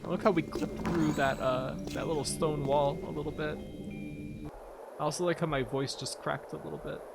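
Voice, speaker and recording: A man's voice: fairly high pitch, steady tone, normal speed, creaky, loud music behind the voice. A man commenting on a game he is playing, making sarcastic, incredulous remarks and laughing asides. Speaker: gameplay commentator. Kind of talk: let's-play commentary.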